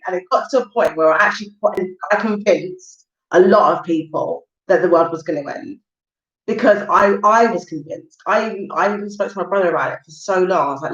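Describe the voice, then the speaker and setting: A woman's voice: fairly low pitch, fairly bright tone. A woman, rambling casually through stories on a livestream. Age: 30s. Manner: chatty, rambling storytelling with lots of fillers. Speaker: live-stream host. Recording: roomy, distant, dull home recording.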